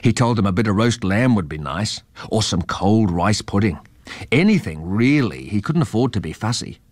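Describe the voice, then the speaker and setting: Man, storyteller, low voice, animated delivery, dry close sound. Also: no echo. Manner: expressive, measured reading. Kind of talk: children's story reading.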